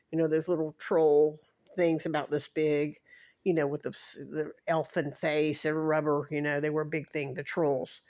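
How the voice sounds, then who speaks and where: A woman's voice: sits low, a little mellow. A woman in her sixties telling a rambling personal recollection, wandering through names and details and restarting her sentences as she goes.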